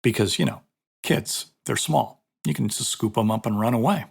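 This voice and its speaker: A man's voice: on the low side, normal speed, gravelly, breathy edge. A middle-aged man, a martial arts instructor, chatting casually and telling a story with lots of fillers. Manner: storytelling, conversational, many fillers. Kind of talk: casual monologue.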